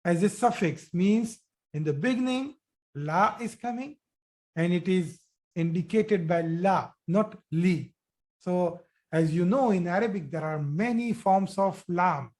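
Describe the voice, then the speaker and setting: A teacher giving a live online grammar lesson, explaining slowly and repeating forms, checking with students by asking questions. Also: female voice, lowish voice, a little mellow. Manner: slow, repetitive explaining, asks students questions.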